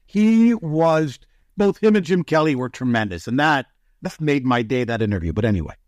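Animated man telling broadcast stories. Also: medium pitch, normal speed, dry recording, clean studio sound. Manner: animated, excitable storyteller. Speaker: sports broadcaster guest. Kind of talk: storytelling in a podcast interview.

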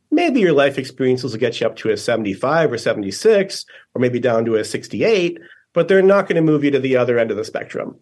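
A man's voice: medium pitch, darkish tone. A man, a guest author in a podcast interview, explaining ideas patiently with frequent fillers and checking questions. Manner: thoughtful, explanatory, many fillers and "right?".

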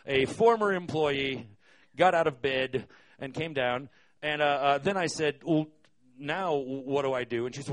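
A man's voice: mid-range voice, normal speed, a bit bright. Guy telling a story on stage, wry, swears a lot, lots of uh's. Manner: wry, profane, hesitant with many fillers. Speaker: storyteller, concert venue manager.

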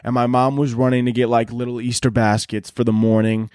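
This young solo podcaster jokes his way through crude, profane, meandering stories, talking fairly quickly with a flat delivery. His voice is medium-pitched, darkish and smooth, with clean studio sound and no room noise.

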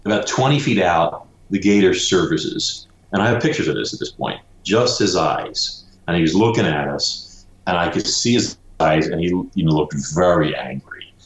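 A man with a notably deep, low voice tells a story with animated energy, often saying "you know." He is an author speaking as a guest in an interview. The room around him gives his voice a roomy echo. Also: moderate pace.

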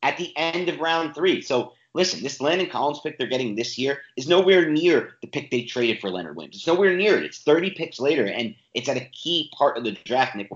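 A man co-hosting a casual sports podcast, talking emphatically and restarting his sentences often. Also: mid-range voice. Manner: animated, emphatic, with frequent restarts. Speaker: podcast co-host. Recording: roomy, slightly dull home podcast audio.

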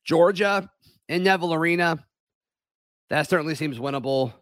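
A man hosting a casual sports talk stream, hoarse from yelling, rambling with many fillers and restarts. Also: fairly high pitch, moderate pace, no room sound, clean studio sound.

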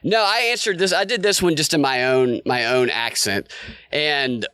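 A man's voice: a little high, moderate pace, bright, forceful tone, clear, resonant tone, dry recording. A man co-hosting a casual political podcast, a wry storyteller. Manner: wry storyteller acting out a phone call. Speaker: podcast co-host.

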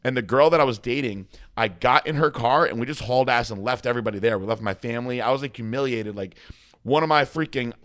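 Male interview guest, animated storyteller, salty language, mid-pitched voice. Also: quick pace. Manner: lively storyteller, swears freely, mimics others in a raised voice. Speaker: podcast guest, bodybuilding coach.

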